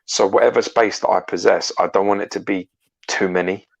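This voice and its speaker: A man with a very low, gravelly voice talks in a loose, casual livestream chat. His tone is husky and rough at the edges. He is blunt and opinionated and swears without a second thought. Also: steady tone, a little fast, dull audio. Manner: frank, opinionated, swears freely. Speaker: co-host.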